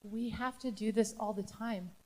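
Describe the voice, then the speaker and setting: A woman's voice: medium pitch, fairly even intonation, normal speed, warm tone. A woman presenting a live training to educators, talking emphatically and asking the audience rhetorical questions. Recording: long hall reverb.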